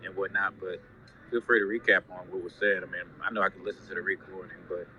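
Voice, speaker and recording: A man's voice: deep voice, little pitch movement, fast talker, sharp tone, highs cut off. A man dropping into a casual online audio chat with upbeat, hype-filled encouragement from a noisy restaurant. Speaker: listener joining the chat.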